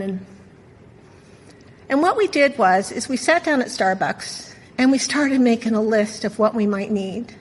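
Middle-aged woman sharing her story, wry and candid, kinda husky, big echoey hall. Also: on the high side. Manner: wry, candid, self-mocking. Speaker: speaker sharing at a recovery meeting. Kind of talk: personal storytelling share.

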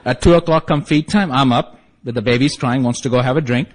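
A man tells his own story to a group in a wry, self-mocking way, slipping into the voices of the people he describes. His voice sits at an ordinary middle pitch. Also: a little fast, a faint crowd. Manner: acts out quoted dialogue. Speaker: speaker sharing his story at a support meeting.

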